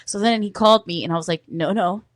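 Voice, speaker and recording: Woman, thirties, podcast guest; mid-pitched, candid, animated storyteller with heavy swearing. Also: rapid-fire. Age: 30s. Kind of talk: casual chat.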